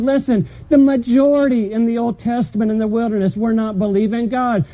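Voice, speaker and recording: A man's voice: extremely high pitch, fairly even intonation, a little fast, hardly any pauses, dark tone, low-quality recording. A man pastor preaching a sermon at a church service, telling stories and driving his points home with emphasis.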